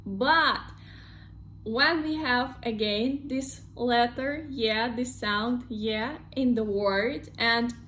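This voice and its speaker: A woman with a Russian accent teaches in a slightly high voice, explaining at an unhurried pace. She stretches out each example word so learners can catch it. A faint hiss sits under the recording. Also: fairly bright tone. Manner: slow, careful explanations with drawn-out model words. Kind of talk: online language lesson.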